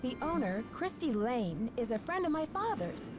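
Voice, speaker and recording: Here is a curious young girl detective in a mystery game, high-pitched and very lively in intonation. She asks questions politely and eagerly. Game music plays clearly behind her. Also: normal speed. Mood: inquisitive. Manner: polite, inquisitive. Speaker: game protagonist.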